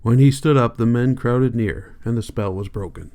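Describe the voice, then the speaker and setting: A man reading a novel aloud as an audiobook narrator, in a steady, measured manner. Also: medium pitch. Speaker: audiobook reader.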